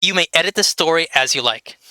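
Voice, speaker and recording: Game master narrating, lots of ums and stops, crisp bright voice, super dry. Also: medium pitch, expressive, fast, no echo. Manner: hesitant, with many fillers and restarts.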